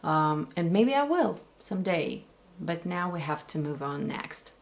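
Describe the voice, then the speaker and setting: A woman with a Russian accent talks through a pronunciation lesson in a fairly low voice. She speaks slowly and deliberately, repeating single sounds and words to demonstrate them. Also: big pitch swings. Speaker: Russian language and accent teacher.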